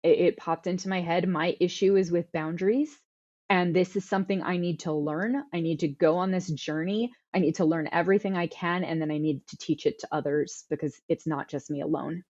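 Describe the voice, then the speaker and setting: A woman's voice: on the low side, steady tone, a little fast, a little mellow, lo-fi sound. A woman in her thirties answering interview questions earnestly, often restarting and repeating words as she thinks. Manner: earnest, self-correcting with repeated words and fillers. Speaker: guest author.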